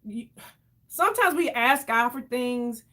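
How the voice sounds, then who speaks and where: Woman chatting to her camera, slow and easy, kinda high voice, talks to y'all like friends. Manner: animated, addresses viewers as y'all, acts out quoted voices. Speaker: vlogger. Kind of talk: casual storytelling to camera.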